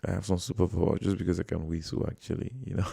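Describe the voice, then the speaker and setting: A man's voice: deep voice, little pitch movement, fast, creaky, mellow, slightly rough. A man from Nigeria with a Nigerian accent, chatting casually and rambling as he reacts to videos on a livestream from his phone. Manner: rambling, chatty, many fillers and chuckles.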